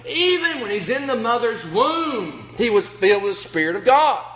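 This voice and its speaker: A man's voice: extremely high pitch, sing-song, normal speed, a bit bright, low-quality recording. A man preaching a sermon with emphasis, acting out the scripture he quotes.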